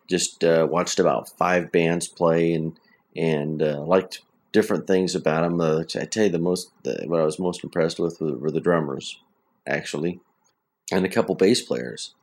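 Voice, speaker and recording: Man, very deep voice, podcast host, casual solo talk, plainspoken, rambling. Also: a little mellow. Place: at home.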